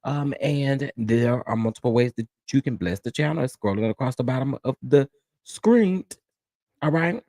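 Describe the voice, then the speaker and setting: A man hosting a casual live-stream chat, talking in drawn-out exclamations and swooping up high in mock outrage. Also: lively intonation, mellow, dry recording, studio quality.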